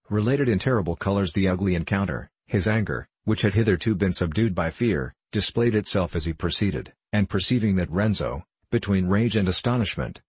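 A man reads a classic novel aloud in a measured, steady narration. His voice is very low with a husky grain. The recording is dry and close, with no room sound. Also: no echo.

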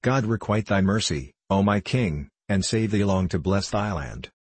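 A man's voice: lowish voice, lively intonation, normal speed, slightly rough, no echo. A man voicing a timid, frightened pauper boy pleading in archaic speech.

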